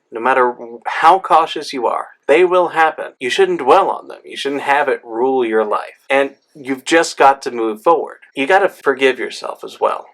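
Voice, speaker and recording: A man's voice: mid-range voice, fairly bright tone. A man who works as a pharmacist, telling personal stories in a candid, reflective way and laughing easily at himself. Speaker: pharmacist vlogger. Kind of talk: candid storytelling monologue.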